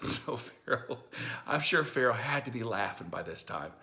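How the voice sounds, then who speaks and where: A man's voice: medium pitch, expressive, moderate pace, pushed and bright. A man retelling a Bible story in a casual, folksy way, acting out the characters in modern slang. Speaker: storyteller preacher.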